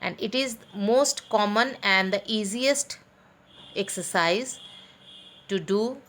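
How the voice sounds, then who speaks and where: A woman teacher leads a recorded lesson for children. She speaks very slowly and deliberately, spelling words letter by letter and pausing often with fillers. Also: medium pitch, a bit bright. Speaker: school teacher. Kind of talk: recorded online class.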